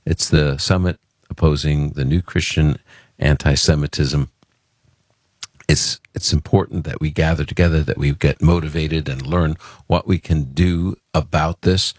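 A man's voice: rumbling low, steady tone, a little slow, dry recording, clean studio sound. A man from Brooklyn hosting a call-in radio show, talking earnestly and conversationally with fillers and restarts. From Brooklyn, New York. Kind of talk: casual radio talk.

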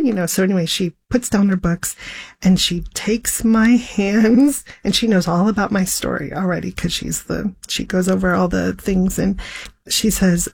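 A woman's voice: moderate pace, vocal fry, slightly rough. A woman guest telling an emotional personal story, acting out the dialogue with big swings in her voice. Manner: animated, re-enacts dialogue with big pitch swings.

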